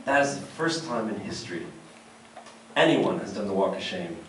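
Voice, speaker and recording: A middle-aged man from Canada doing a crude, animated stand-up comedy set. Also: sits low. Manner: brash, crude, animated, pauses for laughs. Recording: echoey club, distant mic, loud crowd noise. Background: audience laughter.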